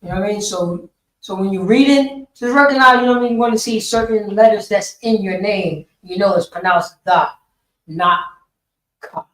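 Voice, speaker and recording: A man's voice: high-pitched, normal speed, fairly bright tone. A man explaining Hebrew words in a loose, repetitive, slangy way during a Sabbath class. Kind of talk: casual Bible class explanation. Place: meeting hall. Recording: roomy echo, speaker far from mic.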